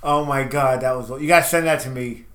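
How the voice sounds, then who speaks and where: A man of fifty co-hosting a podcast in casual, profane, excitable chat. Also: medium pitch, brisk, echoey room. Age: 50s. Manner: profane, excitable, laughs a lot. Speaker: podcast co-host.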